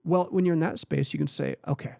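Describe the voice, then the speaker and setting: A man's voice: a little high, fairly even intonation, quick pace, vocal fry, warm tone, no echo, studio quality. A man co-hosting a podcast, talking earnestly and emphatically in a coaching tone.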